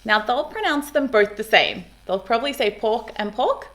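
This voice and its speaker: A woman's voice: on the high side, moderate pace. Upbeat woman explaining. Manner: upbeat, animated, modelling speech sounds. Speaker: speech pathologist. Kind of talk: explaining to parents on camera.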